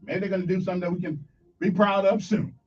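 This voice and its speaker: A man hosting morning radio, animated and jokey, talking straight to his listeners. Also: high-pitched, fast talker. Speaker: radio show host. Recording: dull lo-fi radio sound, slightly distant.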